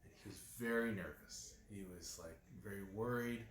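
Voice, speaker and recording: A man, working as a dentist, telling stories in a relaxed, casual way and leaning on lots of "you know" fillers. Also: on the low side, normal speed, slight background noise. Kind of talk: casual interview talk. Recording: echoey room with faint ambience.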